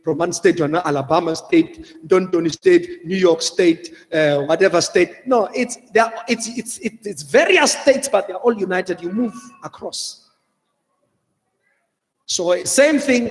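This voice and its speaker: A man's voice: sits high, big-room sound. A man with a South African accent preaching a sermon as a pastor, earnestly pleading and repeating his warnings, slipping Xhosa phrases into his English. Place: church hall.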